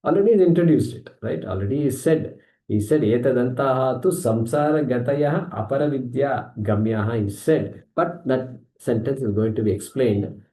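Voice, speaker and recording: A man with an Indian accent teaching a scripture class, talking in a lively, conversational way and acting out the objections he answers. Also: medium pitch, normal speed, echoey room, low-quality recording. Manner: animated, conversational, acts out objections.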